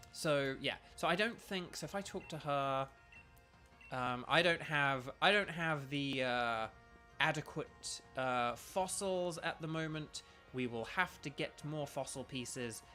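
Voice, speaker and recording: Fairly high in pitch with a sharp tone, this young British man talks loosely during a video game stream, wandering off track and filling it with ums and false starts.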